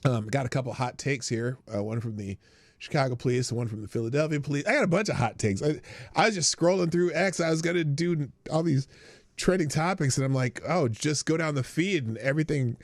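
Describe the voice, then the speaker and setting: A middle-aged man from Nebraska hosting a live morning stream, rambling casually and breaking into loud excited outbursts. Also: medium pitch, fairly quick, no echo.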